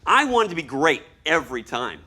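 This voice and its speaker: Animated man acting out his stories. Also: fairly high pitch, brisk. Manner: animated, acts out scenes and voices. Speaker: storyboard artist giving a talk. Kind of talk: lively presentation to an audience.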